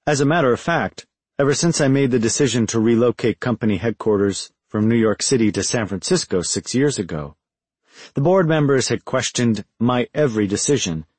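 A man reading a first-person audiobook in a measured, reflective way. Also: lowish voice, expressive, a little mellow, slightly rough, no echo. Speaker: audiobook narrator.

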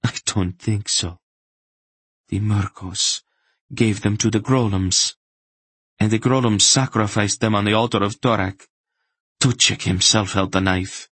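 A man's voice: fairly low pitch, steady tone, measured pace, long pauses, slightly rough, dry recording, voice pushed up. A man reading an audiobook and voicing a weary young enslaved woman in a lifted, tired voice. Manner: tired, raised voice, soft. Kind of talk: audiobook character voice.

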